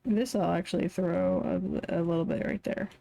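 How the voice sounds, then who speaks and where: A woman's voice: fairly low pitch, fairly even intonation, moderate pace, vocal fry, mellow. A tired woman streaming live, mumbling to herself as she draws. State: tired, yawning. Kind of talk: casual live-stream commentary while drawing.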